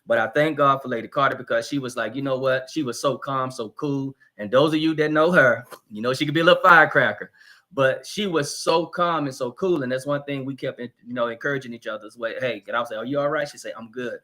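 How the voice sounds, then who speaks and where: Storytelling pastor hosting a live talk. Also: male voice, mid-range voice, fast. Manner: animated storytelling, lively. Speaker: pastor and host. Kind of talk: casual live discussion.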